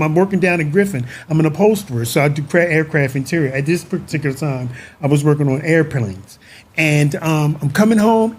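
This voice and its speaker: A man telling an emotional personal story on a talk show, expressive and animated. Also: on the high side, breathy edge. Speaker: guest husband.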